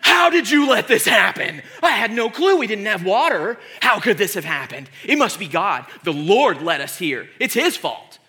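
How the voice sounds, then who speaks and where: A blustering grown king who panics and yells, loud and frantic, swinging high and low as he shifts the blame, as a preacher puts him on. The voice stays bright and forceful. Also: big pitch swings, moderate pace, hardly any pauses, exaggerated voice.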